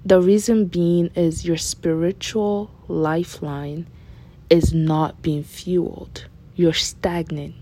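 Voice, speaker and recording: A woman with a lowish, mellow voice hosts a faith podcast, delivering a personal devotional talk. She speaks slowly in a steady tone, earnest and candid, repeating phrases for emphasis.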